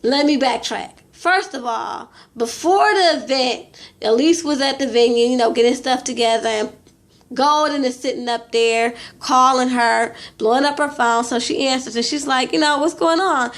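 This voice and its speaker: A woman's voice: sits high, moderate pace. A young woman casually recapping a reality show episode, opinionated and chatty, peppered with "you know" and slang. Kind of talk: casual gossipy episode review.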